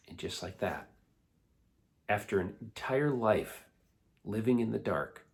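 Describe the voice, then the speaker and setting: Animated man telling a children's Bible story. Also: fairly low pitch, unhurried, vocal fry, long pauses. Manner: animated, playful, laughs often. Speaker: children's church teacher.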